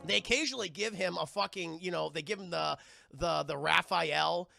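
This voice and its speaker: A man giving a casual live-stream film review, animated and profane, talking straight to his chat. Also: a little high, normal speed, vocal fry, faint music behind.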